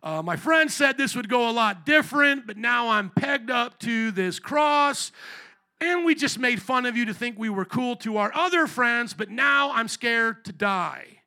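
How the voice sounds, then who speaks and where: A man's voice: extremely high pitch, expressive, unhurried, gravelly, sharp tone, exaggerated voice. A man preaching, putting on the voice of a frightened, pleading thief on a cross who stammers nervously. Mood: panicked. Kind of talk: sermon illustration.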